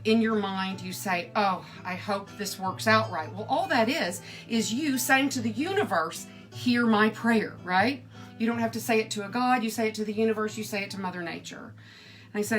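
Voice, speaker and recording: Earnest, chatty woman cooking at home. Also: medium pitch. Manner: earnest, chatty, greets viewers by name. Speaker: cooking show host. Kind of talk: live-streamed cooking chat. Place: home kitchen.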